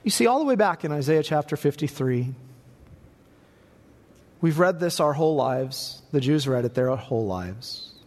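A man preaching a sermon as pastor, building to emphatic peaks and dropping low for quiet points. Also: animated, normal speed, long pauses. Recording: long reverb in a large hall.

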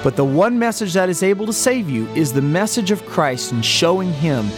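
A man preaching a sermon earnestly and emphatically, slowing down to stress key phrases. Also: high voice, expressive, over music. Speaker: pastor. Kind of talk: radio sermon.

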